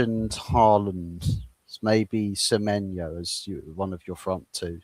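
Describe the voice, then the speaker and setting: A man's voice: sits low, fairly even intonation, slow pace, darkish tone, dry recording. A man giving opinionated football takes in a casual chat, often repeating words as he starts a thought. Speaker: co-host football pundit.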